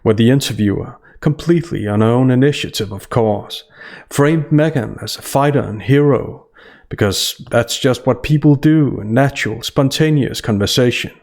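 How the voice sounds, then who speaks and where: A man's voice: mid-range voice, moderate pace, darkish tone. A man giving a scripted analytical voice-over in a dry, sarcastic manner. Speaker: commentary channel host.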